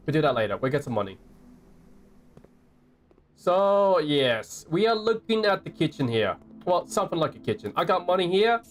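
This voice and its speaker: A young man with an Australian accent, talking over a live gameplay stream in a high, bouncy voice that swings up and down. He banters with his viewers and reads the game's notes out loud. Faint music plays behind him. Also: lively intonation, a little fast. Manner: chatty, playful, reading game notes aloud and chatting to viewers.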